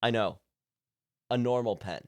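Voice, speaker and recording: A male live streamer rambling through an improvised silly story for his chat, stammering and restarting, with bursts of loud shouting. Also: medium pitch, unhurried, dry recording. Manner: goofy, stammering with many restarts.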